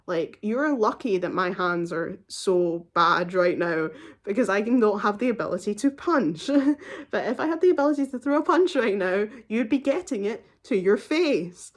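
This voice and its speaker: A woman in her twenties tells a story straight to her viewers in a casual, heated way. She swears freely and slips into quoted back-and-forth, playing both herself and the other person. Her pitch sits in an ordinary middle range for a woman. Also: a little slow. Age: 20s. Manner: heated, swears often, acts out both sides of a conversation. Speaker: vlogger.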